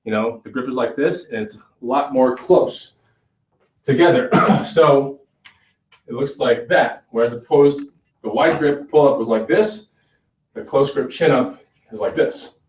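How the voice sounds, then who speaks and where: A man's voice: medium pitch, a little slow, recorded from a distance. Fitness coach, male, chatty demo style, heard from across an echoey gym, dull sound. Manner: conversational, checks in with "okay?" often. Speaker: fitness instructor. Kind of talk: casual workout demonstration. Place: gym, indoors.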